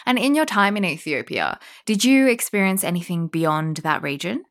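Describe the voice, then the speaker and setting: A woman's voice: medium pitch, very animated, normal speed. Curious woman host asking questions. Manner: curious, prompting with vivid questions. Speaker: interviewer, podcast host. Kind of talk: interview questions.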